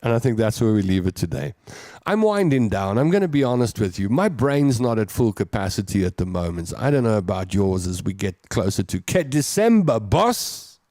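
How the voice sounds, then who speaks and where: A man's voice: on the low side, expressive, a little fast, warm tone, no echo, studio quality. A man with a South African accent hosting a show, casually chatting and joking as he reads out viewer comments. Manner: chatty, jokey, reads comments aloud and riffs on them. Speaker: host.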